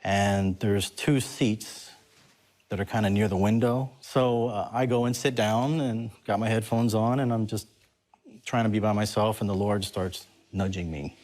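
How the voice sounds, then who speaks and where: A man with a fairly low voice tells a personal story as a talk show guest. He talks in an animated way, breaking into laughter as the story builds. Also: unhurried.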